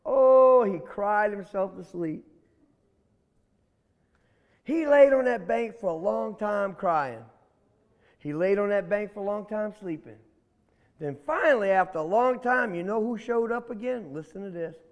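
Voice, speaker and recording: A man telling a folk tale aloud in an animated, folksy way, talking straight to his listeners. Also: sits high, measured pace, long pauses, muffled recording. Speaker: storyteller. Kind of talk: oral folk storytelling. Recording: long hall reverb.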